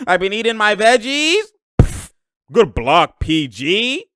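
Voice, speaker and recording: A young man reacting live to a basketball game, excitable and slangy, laughing often and yelling at plays. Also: sits high, slow, clean tone, no room sound, studio quality.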